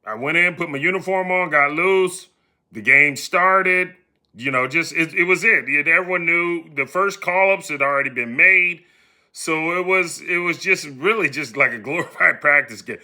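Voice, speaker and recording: A middle-aged American man casually recounts a personal story on his podcast, his voice a little high and his pace normal. He's animated and acts out the voices of the people he quotes.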